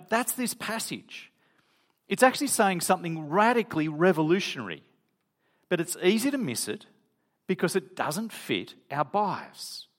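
Animated male preacher. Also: high-pitched. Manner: conversational, animated storytelling with restarts. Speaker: pastor. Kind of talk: sermon.

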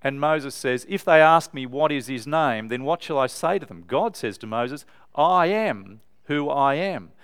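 A man preaching an animated, emphatic sermon to a live congregation in a church. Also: medium pitch, normal speed, few pauses, clear, resonant tone.

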